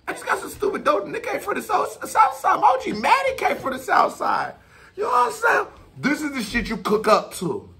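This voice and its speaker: A man hosting a reaction channel, giving casual commentary that swings from excited shouts and laughter to fast, loose explaining. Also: high voice, vocal fry, slight background noise.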